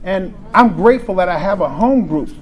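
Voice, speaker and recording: High-voiced man in his forties sharing frankly. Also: animated, moderate pace, a little hiss or hum. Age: 40s. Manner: frank and emotional, with frequent restarts and laughter. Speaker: speaker sharing recovery story at a convention. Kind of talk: candid personal testimony. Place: convention meeting room.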